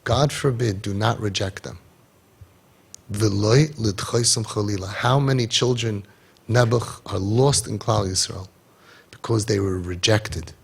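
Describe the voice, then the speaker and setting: A man giving an impassioned inspirational talk, animated, acting out bits of dialogue and repeating his key points. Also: on the low side, unhurried, gravelly, breathy edge. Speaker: inspirational speaker.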